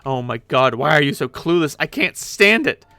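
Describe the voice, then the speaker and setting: A man voicing a furious young woman who shouts and snaps sarcastically at her friend, in a webcomic read aloud with voices. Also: high-pitched, moderate pace, no echo, pitched above the performer's own voice.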